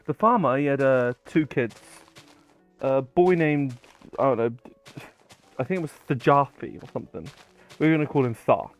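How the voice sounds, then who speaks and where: A man's voice: mid-range voice, expressive, moderate pace. A man casually retelling a myth, rambling with many fillers and casual swearing. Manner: rambling, filler-heavy, loose paraphrase. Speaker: storyteller.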